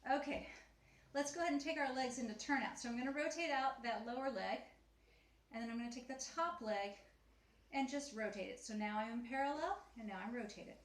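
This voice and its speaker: At home, a woman with a fairly high, brisk voice leads a beginner Pilates mat class. Slightly winded, she cues each move and counts reps in a chatty, encouraging way. The room is echoey, with faint ambient noise.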